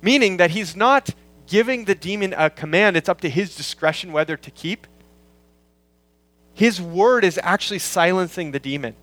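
A pastor working through a scripture passage in a sermon, explaining word meanings and repeating key lines for emphasis. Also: male voice, high-pitched, expressive, fairly bright tone, no room sound, poor audio. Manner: quotes scripture in slowed, weighty tones. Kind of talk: expository sermon.

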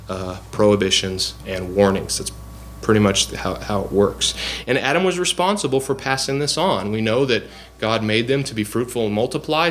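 A man's voice: mid-range voice, fairly bright tone, slight background noise. A man preaching a bible lesson, explaining scripture earnestly with frequent fillers and restarts. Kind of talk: bible teaching sermon.

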